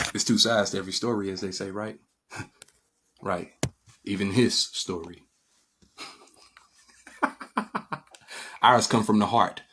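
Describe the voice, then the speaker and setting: A man's voice: on the low side, a bit bright, slight background noise. A man giving an informal spiritual lecture, preachy and repetitive, often asking listeners if they follow him. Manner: preachy, repetitive, asks listeners "get my drift?". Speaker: spiritual teacher. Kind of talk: informal lecture, explaining images.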